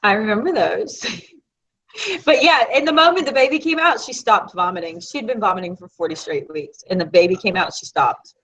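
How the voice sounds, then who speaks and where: A woman from Florida with a Southern American accent, co-hosting a casual live chat and telling stories in an animated, chatty way. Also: medium pitch, fairly quick, husky. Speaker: co-host of a live video chat. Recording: dull lo-fi sound.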